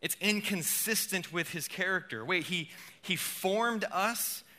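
Bright-voiced animated male preacher. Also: unhurried. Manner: animated, acts out quotes, swings between loud bursts and soft low passages. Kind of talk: sermon.

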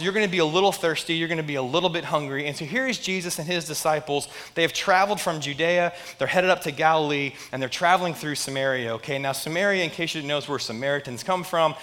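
A pastor preaching a sermon, retelling a story in a conversational, animated way with frequent restarts. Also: male voice, on the high side.

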